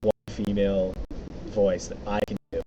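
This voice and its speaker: A man's voice: lowish voice, monotone, moderate pace. A man narrating as game master of a tabletop game, hesitant and full of ums and uhs. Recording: noisy stream audio.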